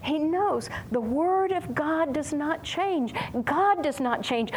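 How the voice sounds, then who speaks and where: Woman Bible teacher, high voice, fervent emphatic sermon delivery, faint background hiss. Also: expressive, takes it slowly, hardly any pauses, low-quality recording. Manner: impassioned, emphatic preaching with repetition.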